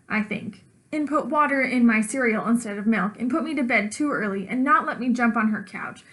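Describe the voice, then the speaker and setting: A dramatic, imaginative little girl rattles off her worries in a high, excited voice, as a woman reading a storybook aloud puts her on. Her lines are bright and full of over-the-top feeling.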